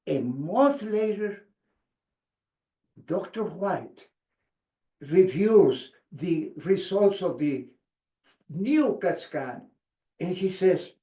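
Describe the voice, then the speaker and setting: Slow, dramatic male storyteller in an echoey room. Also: sits high, big pitch swings, darkish tone. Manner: dramatic storyteller, acts out quoted voices. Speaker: speaker. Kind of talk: storytelling speech.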